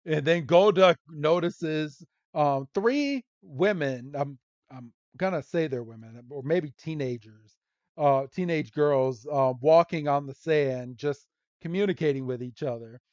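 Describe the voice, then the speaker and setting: A podcast host with a higher-pitched voice casually recaps a cartoon episode and drops into quick character quotes as he goes. The sound is dry and close, though the recording is muffled and lo-fi. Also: a little mellow, no echo. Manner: retells scenes with quick voiced quotes and laughs. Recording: dull lo-fi recording.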